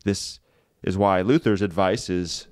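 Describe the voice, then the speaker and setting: A man's voice: low voice, fairly even intonation, a little slow, a little mellow, dry recording, clean studio sound. A man hosting a devotional radio show as a pastor, preaching in an emphatic voice that swells and drops for emphasis. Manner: emphatic, rising and falling with emphasis, occasional chuckles.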